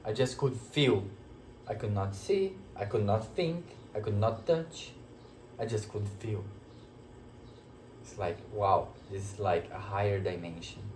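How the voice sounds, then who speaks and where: A man telling a personal spiritual story to camera, in an emotional, reflective way with many pauses. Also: fairly low pitch, darkish tone, a little hiss or hum. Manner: slow, emotional, reflective, pausing often. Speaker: spiritual teacher sharing a personal experience. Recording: echoey room.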